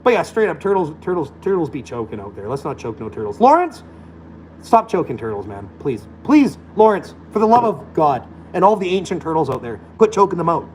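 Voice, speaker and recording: Brief: blunt, combative guy on a profane rant, slightly high voice, faint noise behind. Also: sing-song, quick pace, hardly any pauses, darkish tone, low-quality recording. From Alberta, Canada.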